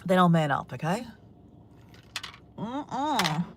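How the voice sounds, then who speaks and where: An Australian woman chatting excitedly in a casual vlog, swearing now and then, outdoors by the ocean on a windy day. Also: on the low side, slow. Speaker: vlogger.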